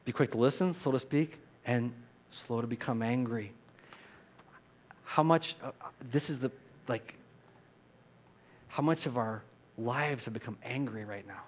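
An earnest pastor preaches a sermon from the pulpit in an ordinary middle-pitched voice, a little slow and pausing often. He drops into a quiet, reflective tone, then builds to loud, emphatic repeated phrases, and leads the congregation in call-and-response as they say lines back to him.

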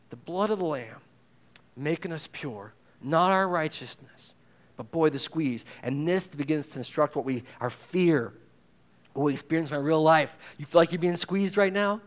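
Man preaching a lively conversational sermon. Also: a little high, moderate pace. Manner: conversational preaching, acts out quoted voices; swings between loud emphasis and hushed intensity. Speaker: pastor.

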